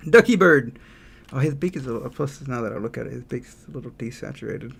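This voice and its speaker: With a creaky, husky, medium-pitched voice, a game developer talks at a quick pace while drawing on a livestream. His manner is relaxed as he thinks aloud and reads chat messages out to respond.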